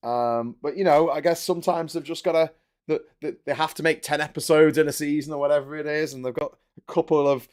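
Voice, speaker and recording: A man's voice: on the high side, a little mellow. A man in his forties, hosting a casual live stream and rambling animatedly, with the odd swear. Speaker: livestream host. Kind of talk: casual live-stream chat while building.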